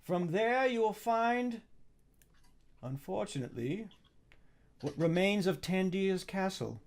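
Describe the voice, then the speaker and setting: A man's voice: animated, exaggerated voice. A man voicing Adjunct, a polite and eager servant, in a raised fussy voice. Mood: courteous. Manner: high, quick, courteous pleading.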